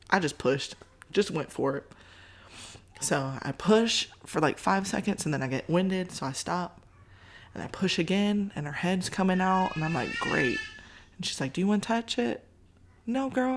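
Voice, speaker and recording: A woman, a podcast host telling a story in a casual, animated way and acting out other people's lines. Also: low-pitched. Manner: animated, voices others in quotes, Southern-style "y'all".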